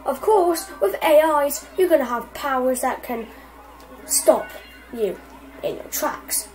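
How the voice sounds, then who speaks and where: High-voiced woman swearing at a game. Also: slow, rough recording. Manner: excitable, swears constantly at opponents. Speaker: gamer. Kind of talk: casual gameplay commentary. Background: faint game music.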